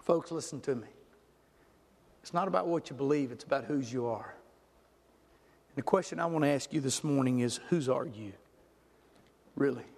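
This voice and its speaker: A pastor preaching a fervent sermon, swinging from shouts down to near-whispers. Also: male voice, mid-range voice, normal speed, gravelly, pauses often. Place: church sanctuary. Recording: long hall reverb.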